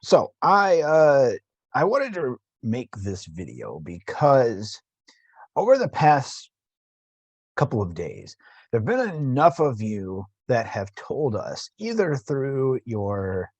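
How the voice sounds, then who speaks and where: Man, gravelly morning voice, slightly husky, unhurried tutorial delivery, dry close sound. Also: medium pitch, wildly swooping pitch, no room sound. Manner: halting, with fillers and restarts. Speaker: instructor. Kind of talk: screen-recorded tutorial.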